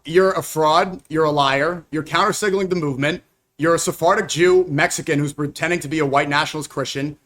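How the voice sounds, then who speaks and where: A young man with a high-pitched voice fires back at a played clip in rapid, accusatory bursts. His live-stream reaction commentary is combative and relentless. He stacks charges one after another in a heated rant. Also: a bit bright.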